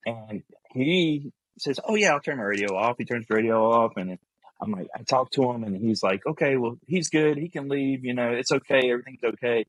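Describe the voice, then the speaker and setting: A man telling a story casually as a podcast guest, animated and acting out the people he quotes. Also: mid-range voice, a little fast, dry recording, rough recording.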